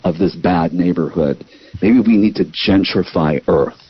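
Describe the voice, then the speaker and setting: A man's voice: sits low, a little slow, husky, no echo, muffled recording. A man in his fifties, a guest in a casual chat, blunt and opinionated. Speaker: podcast guest.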